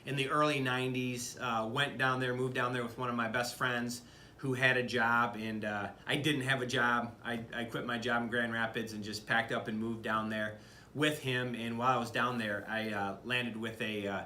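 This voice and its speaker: A man's voice: medium pitch, flat delivery, moderate pace, sharp tone, reverberant, slight background noise. A middle-aged man from Michigan, a business leader talking earnestly to camera in a conversational way, with many fillers and restarts. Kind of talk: speaking to camera about leadership.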